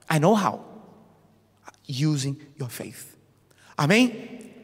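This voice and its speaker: A man's voice: fairly high pitch, sing-song, unhurried. A man preaching a sermon as a bishop in a large theatre, emphatic, asking rhetorical questions and calling for "Amen?". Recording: long hall reverb in a theatre.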